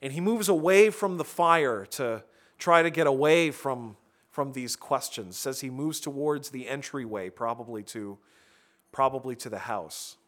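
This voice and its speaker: A pastor preaching a sermon in a conversational way, often restarting phrases and adding asides to the congregation. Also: male voice, medium pitch, unhurried, a bit bright.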